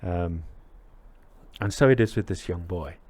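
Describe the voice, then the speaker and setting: Low husky man giving a dharma talk. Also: a little slow, a little mellow. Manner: reflective, hesitant with many fillers. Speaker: Buddhist teacher.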